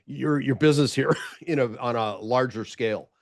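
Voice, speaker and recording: A man's voice: medium pitch, moderate pace, a little hiss or hum. A man with an American accent, a jokey, upbeat guest chatting on a podcast. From United States. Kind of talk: casual interview chat.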